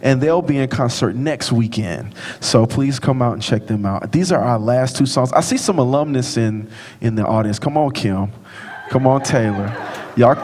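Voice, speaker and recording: A man's voice: medium pitch, normal speed. A man who directs a choir, thanking people from the stage in an informal, direct way. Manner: warm, informal, addresses audience directly. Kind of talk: concert thank-you speech. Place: large concert hall with audience. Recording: long hall reverb, audience sounds.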